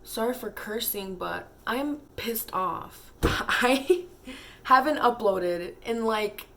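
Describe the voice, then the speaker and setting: A woman's voice: on the high side, slow pace, a bit bright. A young woman vlogging an emotional, exasperated rant, tired and laughing through her frustration. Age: young adult.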